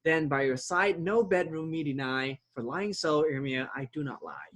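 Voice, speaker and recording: A man's voice: fairly high pitch, lively intonation, normal speed, a bit bright. A man reading the part of an ardent young lover in an amateur play reading, earnest and declamatory. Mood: tender.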